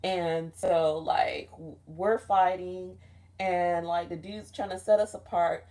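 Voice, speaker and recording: A young woman vlogger recounts a dream slowly, her low, dark voice steady in tone. She rambles casually, swears often and says "like" a lot.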